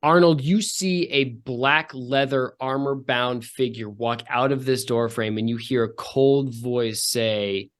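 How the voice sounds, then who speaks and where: A woman's voice: extremely low pitch, takes it slowly, few pauses. A woman game master narrating a tabletop game with friends, casual, swearing and poking fun at herself. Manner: casual, swearing, self-mocking.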